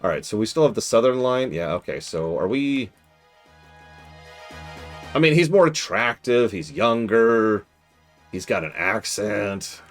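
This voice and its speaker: A man streaming a strategy game, chatting casually and animatedly, with mock-exasperated outbursts and quiet mutters to himself while he plays. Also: fairly low pitch, expressive, unhurried, long pauses, soft background music.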